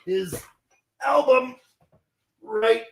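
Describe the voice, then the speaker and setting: A man's voice: very high-pitched, very slow, creaky, a bit bright, slightly rough. A man chatting as a podcast guest, eager and stumbling over restarts and fillers. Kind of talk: casual chat.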